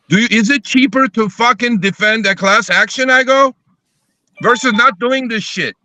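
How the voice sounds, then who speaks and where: A man's voice: extremely high pitch, moderate pace, dry recording. A man talking on a live podcast, heated and profane, acting out his phone calls with rideshare company staff. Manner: profane, animated storytelling, acts out phone calls. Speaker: rideshare driver advocate, guest. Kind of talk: heated casual podcast talk.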